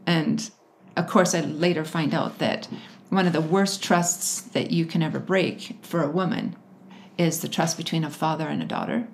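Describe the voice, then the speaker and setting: A woman's voice: sits low, moderate pace, gravelly, slight background noise. Candid woman telling her story. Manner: candid, laughs often, animated retelling. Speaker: guest. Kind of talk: personal story in an interview.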